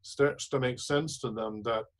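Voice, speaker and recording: A man's voice: medium pitch, steady tone, a little slow, low-quality recording. A man hosting a talk show, giving emphatic, preachy advice and repeating his points. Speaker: show host.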